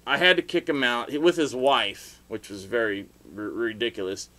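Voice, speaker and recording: A middle-aged man rambling through a story for his video blog, with sudden loud outbursts and laughter along the way. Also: medium pitch, lively intonation, moderate pace. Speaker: vlogger telling stories.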